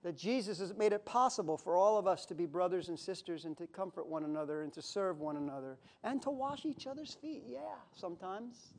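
A pastor preaching a sermon in a conversational, emotional way, with sudden loud outbursts. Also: male voice, high voice, lively intonation, fairly quick, few pauses.

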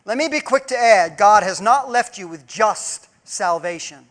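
Very high-voiced preaching man. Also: lively intonation, a little slow. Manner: emphatic preaching, swinging between loud pleas and hushed asides; rhetorical questions to the congregation. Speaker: pastor. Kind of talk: sermon.

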